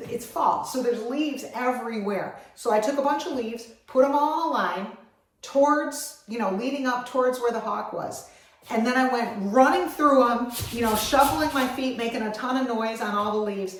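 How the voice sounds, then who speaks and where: A woman vlogger telling a story with lively energy, going from loud excitement to hushed calm. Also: fairly high pitch, moderate pace. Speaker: animal rescue vlogger. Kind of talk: animated storytelling. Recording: very echoey voice, far from the mic.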